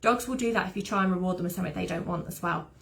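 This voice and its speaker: A dog behaviour trainer gives an informal online talk, chatty and rambling and full of anecdotes. She speaks very fast in a lowish voice with vocal fry.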